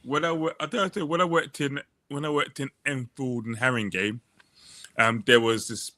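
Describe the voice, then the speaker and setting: A man's voice: medium pitch, steady tone, moderate pace, sharp tone, no room sound, studio quality. A man, telling a rambling story in casual podcast chat and breaking into voices for the people in it. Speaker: podcast co-host.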